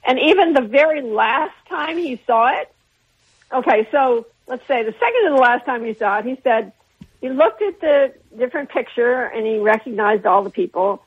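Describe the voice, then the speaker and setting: An older woman recounts her memories at length, circling back and restarting her sentences. Her voice is somewhat high and a little husky. It comes through a narrow, tinny phone line on a radio broadcast. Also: expressive, moderate pace. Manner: rambling, with frequent restarts and laughter. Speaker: interview guest, artist. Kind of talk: anecdotal storytelling in an interview.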